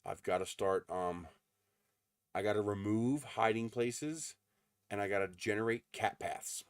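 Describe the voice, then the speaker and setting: Low-pitched man, livestream host, casual chat, rambling with many ums, dry sound. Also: unhurried, dry recording. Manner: rambling storyteller with frequent ums. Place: home in the desert.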